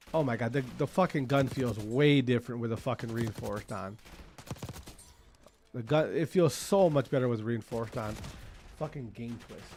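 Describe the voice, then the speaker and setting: A man's voice: mid-range voice, slight background noise. A man streaming gameplay, ranting profanely at teammates and repeating himself. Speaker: gaming streamer. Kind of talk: casual gameplay commentary. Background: gunfire from the game.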